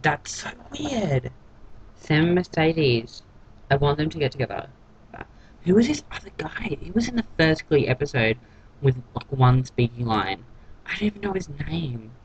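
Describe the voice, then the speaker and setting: A man's voice: on the high side, animated, normal speed, dull audio, slight background noise. A man giving a casual, gossipy vlog recap of a TV episode in a catty, sarcastic way. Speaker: TV episode reviewer.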